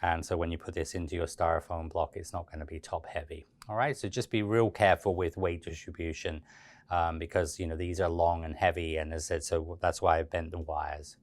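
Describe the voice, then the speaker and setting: A man giving a relaxed, chatty step-by-step cake decorating tutorial, with frequent fillers and restarts. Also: deep voice, brisk, no echo.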